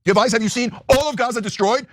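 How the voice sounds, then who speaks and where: A man's voice: very high voice, racing, a bit bright, no room sound, clean studio sound. A man delivering heated, sarcastic political commentary as a show host, ranting with passion.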